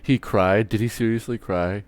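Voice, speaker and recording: A man's voice: fairly low pitch, fairly even intonation, moderate pace. A man streaming live, ranting casually with lots of swearing and stumbling restarts. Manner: profane, rambling, restarts often. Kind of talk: casual rant while streaming.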